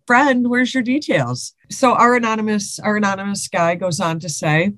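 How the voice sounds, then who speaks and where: A woman's voice: medium pitch, lively intonation, normal speed, fairly bright tone, no room sound. A woman co-hosting a podcast, chatting casually and reading listener stories aloud with laughs and swearing. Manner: laughing, swearing, repeats herself.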